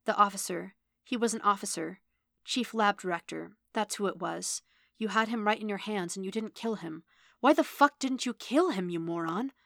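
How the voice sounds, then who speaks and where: A woman voicing an impatient, sharp-tongued female android, speaking in urgent, exasperated bursts. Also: mid-range voice, fairly even intonation, moderate pace, vocal fry, no room sound, studio quality.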